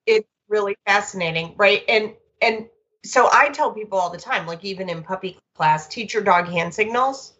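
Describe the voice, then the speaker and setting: A woman dog trainer chatting casually, animated and storytelling, with quick asides. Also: medium pitch, muffled recording. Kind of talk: casual conversational chat.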